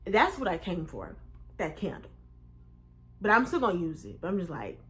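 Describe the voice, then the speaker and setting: A woman's voice: normal speed, long pauses. A young woman vlogger telling a storytime casually, swearing freely and acting out other people's lines in a raised voice. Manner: animated, swearing, acts out quotes in raised pitch.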